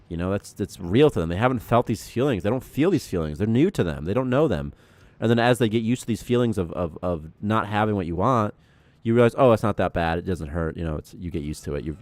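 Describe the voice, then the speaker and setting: A man in his late twenties, a game programmer chatting casually on a development stream and telling stories in a profane, animated way. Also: lowish voice, no room sound. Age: 20s. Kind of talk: casual dev stream chat.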